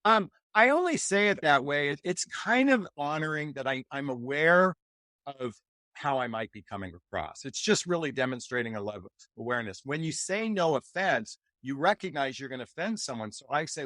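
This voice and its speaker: An animated, enthusiastic man from the United States, a relationship coach talking as a guest in a podcast interview and acting out example replies. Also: a little high, normal speed, no echo.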